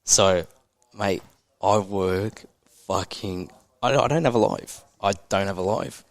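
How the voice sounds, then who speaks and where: A man's voice: sits low, slow pace, dry recording. A man in his thirties with an Australian accent, a podcast guest speaking candidly and bluntly, with frequent swearing and open emotion. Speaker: entrepreneur guest.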